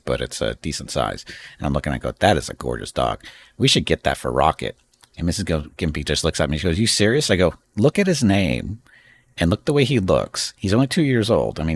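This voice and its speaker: A man hosting a casual live stream from home, rambling and chatting with frequent laughs. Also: a bass voice. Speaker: streamer host.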